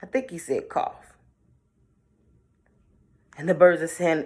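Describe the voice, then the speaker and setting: A woman's voice: low voice, expressive, takes it slowly, pauses often, a little mellow. Woman reading a picture book aloud. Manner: playful, talks to the listener about the pictures. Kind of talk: read-aloud with chatty commentary.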